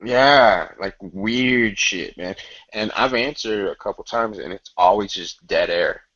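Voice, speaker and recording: Guy with a lowish voice rambling and cussing casually, muffled lo-fi audio. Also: measured pace, a bit bright. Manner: loose, profane storytelling with frequent laughs. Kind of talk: casual chat.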